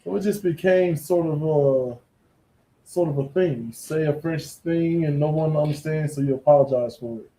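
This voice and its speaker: A man's voice: fairly high pitch, moderate pace, warm tone, reverberant, slight background noise, low-quality recording. A man hosting a sports podcast, talking in a playful, chatty way. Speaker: podcast host. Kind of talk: casual sports talk.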